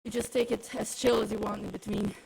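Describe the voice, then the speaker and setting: A woman's voice: medium pitch, fairly even intonation, fairly quick, vocal fry, darkish tone, husky, rough recording. A woman coaching a live indoor cycling workout, out of breath, encouraging riders and cueing them through intervals.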